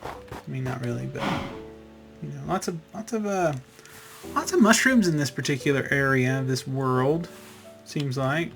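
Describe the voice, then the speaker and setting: Chatty gravelly man playing a game. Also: medium pitch, lively intonation, normal speed, pauses often, over music. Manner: rambling and chatty, with fillers and little sound effects. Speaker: gaming channel host. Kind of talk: casual let's-play commentary.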